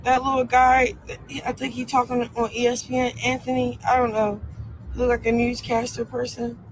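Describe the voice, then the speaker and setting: A woman's voice: fairly high pitch, little pitch movement, normal speed, a little hiss or hum, rough recording. A young woman ranting on a live stream, defiant and profane, full of fillers. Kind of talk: casual live-stream rant.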